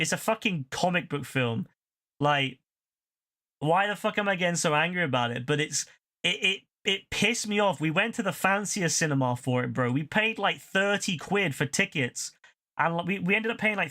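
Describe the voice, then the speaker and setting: Young man, gaming streamer; bright, sharp voice; heated profane ranting. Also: on the high side. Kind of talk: casual rant while gaming.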